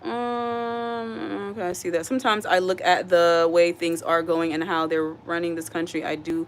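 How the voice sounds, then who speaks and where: A woman with a lowish voice hosts a casual live stream from her home kitchen, cooking while she chats directly to viewers. She talks at normal speed with hardly any pauses, reads comments aloud, and earnestly repeats her points.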